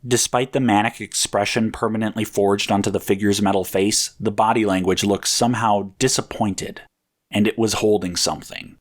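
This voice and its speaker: Man narrating a story in a low voice. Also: steady tone, normal speed. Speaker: audiobook narrator.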